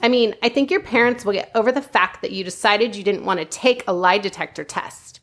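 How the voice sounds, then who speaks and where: A woman's voice: medium pitch, brisk, a bit bright. A woman voicing a young Valley Girl, reading out a tense recorded conversation in a put-on accent. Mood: pleading. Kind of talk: reading a transcript aloud in a put-on voice.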